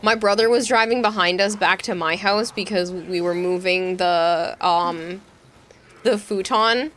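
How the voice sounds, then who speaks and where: A woman streaming a game, chatting casually and telling animated stories with lots of laughter. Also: medium pitch, unhurried, slight background noise. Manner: giggly, animated storyteller. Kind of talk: casual chat while gaming.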